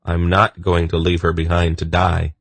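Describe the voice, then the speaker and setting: A man's voice: sits low, completely flat delivery, normal speed, fairly bright tone, dry recording. A man voicing an earnest, protective young man in wolf form who speaks insistently in an audiobook.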